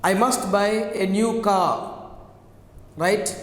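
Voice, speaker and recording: A male teacher giving a classroom grammar lesson, repeating each phrase slowly and often asking whether the students follow. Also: high voice, expressive. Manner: slow, spells words out and repeats each phrase; checks understanding with frequent "right?" and "okay?". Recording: echoey classroom, reverberant.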